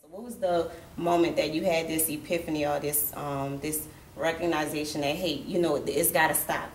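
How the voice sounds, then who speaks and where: A woman's voice: sits low, fairly even intonation, moderate pace. A woman interviewer asking thoughtful questions. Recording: echoey room, distant mic, faint noise.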